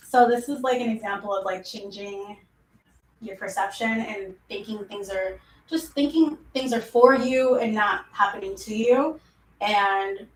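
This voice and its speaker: Young woman host chatting loosely on a self-help live stream, somewhat high voice, mic a little far off in an echoey room. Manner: chatty, lots of "like" fillers. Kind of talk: casual live stream talk. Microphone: mic set in front of her.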